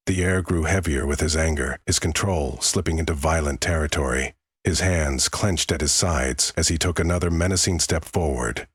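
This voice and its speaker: A man's voice: very deep voice, normal speed, fairly bright tone, husky, no room sound, studio quality. A man giving grave, dramatic scripted true-crime narration.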